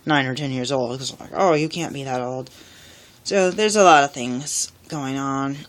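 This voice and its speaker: Tired rambling woman, noisy recording. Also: low voice. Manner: rambling, tired, lots of fillers. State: exhausted. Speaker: single parent vlogger. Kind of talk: rambling personal vlog.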